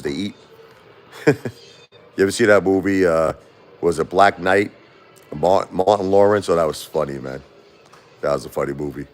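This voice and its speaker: A man, chatting casually and rambling on a livestream, laughing often. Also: low-pitched. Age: 40s. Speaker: livestream host.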